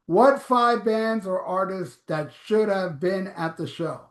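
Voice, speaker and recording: A man's voice: sits high, lively intonation, slow, roomy sound. A man hosting a live stream, reading viewer comments aloud in a blunt, offhand, profane way. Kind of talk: casual live chat.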